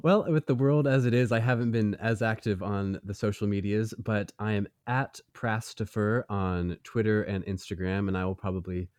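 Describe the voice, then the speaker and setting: A man's voice: on the low side, fairly even intonation, moderate pace, few pauses, a little mellow, smooth, no echo, clean studio sound. A man guesting on a podcast, chatting easily about voicing characters, laughing often and trailing off mid-thought. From United States. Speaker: voice actor guest. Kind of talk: casual interview chat. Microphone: home recording mic.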